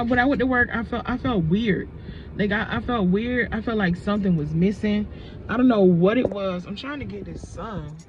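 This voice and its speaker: A woman chats straight to camera outdoors, retelling a story with lively asides to her viewers. Her talk is blunt and salty. The sound is dull and lo-fi, with faint noise behind her. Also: fairly high pitch. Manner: chatty, animated retelling with frequent asides to viewers. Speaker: vlogger. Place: outdoors in sunlight.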